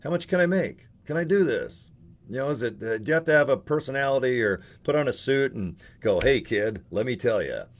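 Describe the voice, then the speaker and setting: A man's voice: mid-range voice, animated, brisk. A man in his forties talking in a casual, rambling vlog monologue. He jokes, swears and mocks himself, with many asides and restarts. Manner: joking, profane, self-mocking. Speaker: network marketing affiliate.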